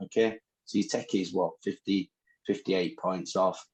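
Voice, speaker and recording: A man's voice: low-pitched, steady tone, measured pace, darkish tone, rough recording. A man with a northern English accent, co-hosting a podcast in casual, teasing banter. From northern England. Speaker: podcast co-host. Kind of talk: casual chat.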